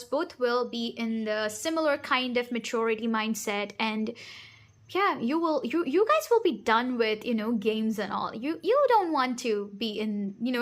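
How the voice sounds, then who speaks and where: A woman reading tarot cards for her viewers, speaking straight to them in a direct, reassuring way. Her voice sits a little high, and she keeps checking in with "okay?" and laughs at her own bluntness. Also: a bit bright. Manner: laughs often and is openly blunt. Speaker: tarot reader. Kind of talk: pick-a-card tarot reading.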